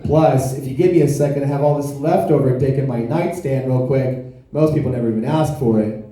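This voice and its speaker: A man's voice: mid-range voice, fairly quick. Man doing stand-up in an echoey club. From South Florida. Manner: deadpan, self-deprecating storytelling. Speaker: stand-up comedian. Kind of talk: stand-up comedy set. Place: comedy club stage.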